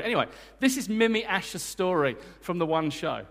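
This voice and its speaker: Man giving a sermon in a church, emphatic and playful, fairly high pitch, echoey hall sound. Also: fairly quick, creaky. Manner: energetic, emphatic, joking with the congregation. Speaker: guest preacher. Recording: long church hall reverb.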